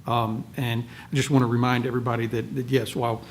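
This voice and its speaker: A man speaking as a county official at a public meeting, halting and often repeating words. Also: medium pitch, flat delivery, a little hiss or hum.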